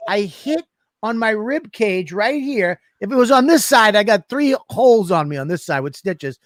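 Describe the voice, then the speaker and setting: Profane, animated man telling a story. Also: high voice, normal speed, no room sound. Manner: animated, swearing constantly, acts out scenes. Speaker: podcast co-host.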